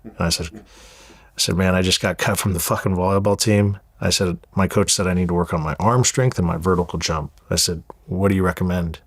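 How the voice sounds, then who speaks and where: Low-voiced man telling a candid story. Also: steady tone, fairly quick, no room sound. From Southern California. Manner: candid, profane, repeats words as he goes. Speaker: interview guest. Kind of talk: storytelling interview.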